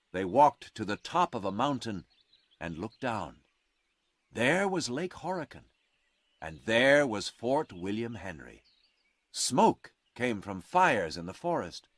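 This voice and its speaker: A man reading a storybook aloud in a slow, clear and expressive narration. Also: fairly low pitch, no echo. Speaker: audiobook reader.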